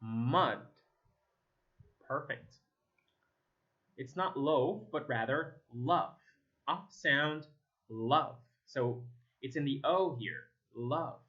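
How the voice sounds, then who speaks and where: A man from Egypt, a native Arabic speaker, teaching English pronunciation. He repeats single words slowly to contrast vowel sounds. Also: medium pitch, sharp tone. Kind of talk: slow drilling of vowel sounds, repeat-after-me. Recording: slightly dull lo-fi sound.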